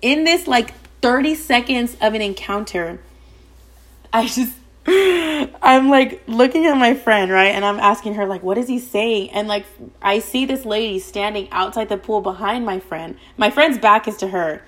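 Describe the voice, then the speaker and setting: A young adult woman hosting a podcast, telling a story in casual chat: fast, profane and gossipy, with "like" all through. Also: mid-range voice, fairly bright tone. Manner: rapid, profane, gossipy, heavy use of "like". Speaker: podcast host.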